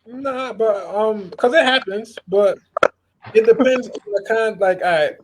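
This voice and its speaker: A man's voice: high voice, measured pace, noisy background. A father speaking in a casual group chat, weighing his words hesitantly and leaning on fillers. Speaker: father of a young daughter.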